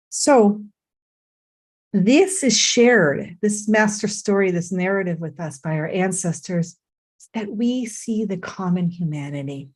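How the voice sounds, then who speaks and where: A woman's voice: mid-range voice, lively intonation, slow pace, darkish tone. A woman teaching Torah and mindfulness in a reflective way, often checking in with her listeners.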